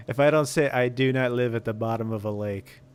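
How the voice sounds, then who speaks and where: A man's voice: mid-range voice, clean tone. A man streaming casually, bantering with his chat and joking at his own expense.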